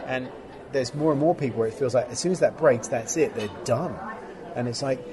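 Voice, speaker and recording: A man's voice: mid-range voice, fairly quick, crowd noise. A man hosting a casual interview who speaks earnestly and bluntly, swearing now and then for emphasis. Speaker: podcast host.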